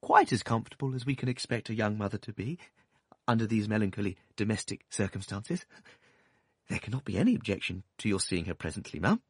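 A man's voice: on the low side, lively intonation, brisk, breathy edge, no echo, clean studio sound. A man doing a meek, soothing old-fashioned doctor. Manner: soft, deferential, placating. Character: mild meek male country doctor, timid and soothing. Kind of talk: audiobook character voice.

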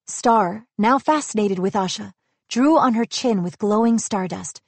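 Gentle woman narrating a storybook. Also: mid-range voice, moderate pace, no room sound. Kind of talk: storybook reading.

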